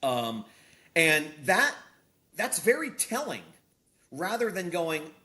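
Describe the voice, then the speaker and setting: A man's voice: fairly high pitch, slow pace. A male pastor and author, a guest on a talk show, preaching in a conversational way and telling illustrations with vivid acted-out dialogue and emphatic rises on key points. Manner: animated storyteller who acts out quoted dialogue.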